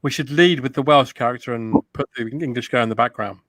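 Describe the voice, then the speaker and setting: A man hosting a comedy chat, reading out film pitches in a straight-faced way. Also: quick pace, a bit bright, no room sound. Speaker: host pitching film ideas.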